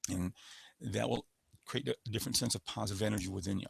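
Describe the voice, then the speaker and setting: In an instructional sales-skills webinar, a man coaches his audience and demonstrates voice patterns through sample phrases. His lowish voice is fast and gravelly, with a breathy edge.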